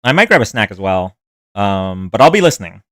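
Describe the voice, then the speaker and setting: A man's voice: lowish voice, very animated, a little fast, a bit bright, dry recording. A man hosting a live stream in a casual, rambling way, chatting with viewers and reacting to their comments. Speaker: livestream host. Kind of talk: casual livestream chat.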